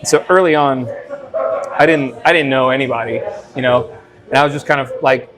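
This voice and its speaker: A man with an American Midwest accent, a brewery owner and head brewer, telling stories in a casual interview, with a halting delivery full of fillers and restarts. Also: medium pitch. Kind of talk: casual conversational storytelling.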